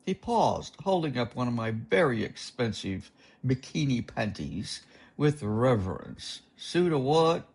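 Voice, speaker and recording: A man narrating a first-person novel as an audiobook, in a slow, wry and expressive reading. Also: medium pitch, vocal fry, husky.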